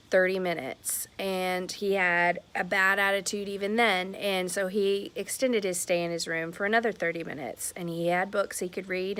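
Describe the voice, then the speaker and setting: A woman's voice: lowish voice, a bit bright. A woman in her thirties talks candidly and emphatically to the camera at home about a family incident. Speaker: vlogger, mother. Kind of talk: casual talk to camera. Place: at home, near a porch.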